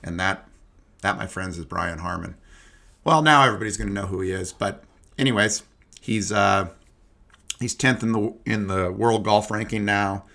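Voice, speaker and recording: Casual male podcast host, young adult, low gravelly voice, rambling chatty delivery. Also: normal speed, pauses often, sharp tone. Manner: loose, chatty, lots of fillers and asides. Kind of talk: casual golf podcast chat.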